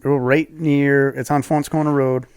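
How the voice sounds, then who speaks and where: A man's voice: medium pitch, little pitch movement, unhurried, a little mellow, clear, resonant tone, no room sound. Forty-year-old man, dry close sound. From southeastern Massachusetts. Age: 40s. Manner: loose, profane storytelling. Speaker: podcast co-host. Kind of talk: casual chat.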